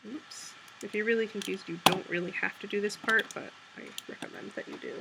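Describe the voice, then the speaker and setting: A woman's voice: mid-range voice, sing-song, brisk, vocal fry, very noisy. A woman hosting a craft tutorial, talking casually and steadily through each step while she works with her hands. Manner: chatty, talks while working with her hands. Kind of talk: step-by-step instructional walkthrough.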